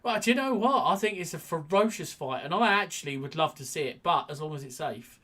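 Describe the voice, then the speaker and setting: A man's voice: a little high, animated, a little fast, fairly bright tone. A man co-hosting a casual boxing podcast, chatty and rambling, with lots of restarts. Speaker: podcast co-host.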